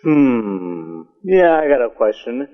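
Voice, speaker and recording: A man's voice: medium pitch, big pitch swings, takes it slowly, soft background music. An actor playing a mocking young man who heckles a public service announcement, in a sarcastic, taunting manner. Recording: phone-like narrow audio clip.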